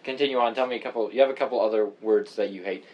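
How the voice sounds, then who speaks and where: A man's voice: medium pitch, rapid-fire, darkish tone. A man in casual chat, giving dry, brief replies and prompts.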